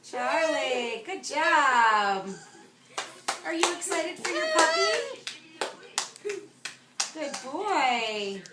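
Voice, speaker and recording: A woman using high, sing-song baby talk with her pet bird, cooing and laughing. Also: very animated, drawn-out words, pauses often. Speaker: pet owner. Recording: roomy, distant, loud home video noise.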